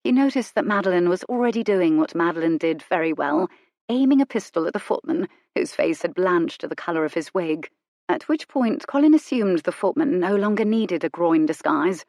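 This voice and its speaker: A woman narrating a romance audiobook in a measured, wry storytelling manner. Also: on the low side, animated, darkish tone, no room sound, clean studio sound. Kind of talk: scripted narration.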